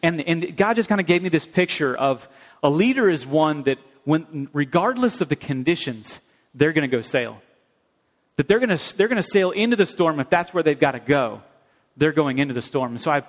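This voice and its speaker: A middle-aged man, a pastor, telling personal stories in an animated sermon. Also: a little high. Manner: animated storytelling, acts out his mother's voice. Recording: long reverb of a large hall.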